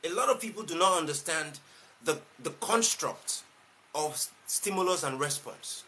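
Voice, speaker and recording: A man's voice: a little high, animated, normal speed, bright, forceful tone. A man with a Nigerian English accent gives a motivational talk on a live stream as a life coach, emphatic and fond of repeating his key phrases.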